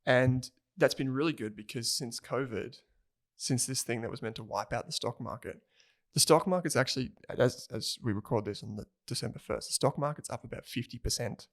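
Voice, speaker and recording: Aussie guy co-hosting a money podcast, rambly and chatty, mid pitch. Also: a little fast. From Australia. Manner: chatty, rambling, laughs easily. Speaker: podcast co-host. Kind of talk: casual chat.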